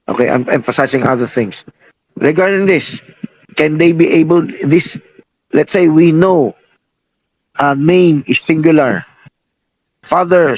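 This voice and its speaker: A man's voice: on the high side, dry recording, highs cut off. A man preaching a sermon, teaching by firing questions at the congregation and repeating himself. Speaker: pastor.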